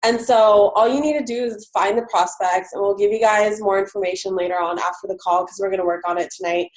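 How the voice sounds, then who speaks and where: A woman's voice: medium pitch, fairly even intonation, fairly quick. Woman host, casual team call over video, filler-heavy, echoey room. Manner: chatty, filler-heavy, friendly announcements.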